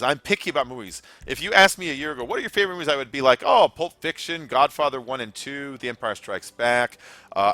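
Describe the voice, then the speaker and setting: A man's voice: medium pitch, sharp tone. A young man hosting a casual gaming livestream, rambling, swearing freely and answering chat as he plays.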